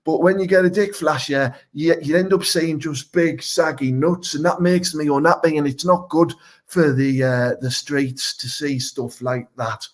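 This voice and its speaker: A man's voice: fairly high pitch, fairly even intonation, measured pace, natural voice. A man playing a sweary Teesside vigilante hero. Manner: rambling, sweary, threatening. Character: crude, boastful male local superhero wannabe. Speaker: comic superhero character. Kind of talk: live comedic Q&A in character.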